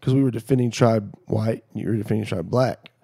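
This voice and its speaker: A middle-aged man in a casual podcast chat, telling animated stories and acting out what people said. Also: fairly low pitch, brisk, gravelly, breathy edge. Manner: animated storyteller acting out quoted dialogue.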